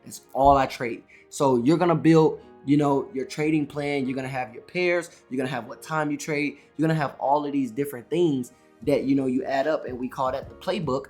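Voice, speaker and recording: A man's voice: medium pitch, brisk, faint music behind. A man who runs a trading channel, talking to camera in a loose, rambling way, full of "all right" and "you know" and restarts, a little wired after a big coffee. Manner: energetic, rambling, self-correcting, says "all right" and "you know" a lot. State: amped up on coffee. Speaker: day trading YouTuber. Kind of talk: casual to-camera trading advice.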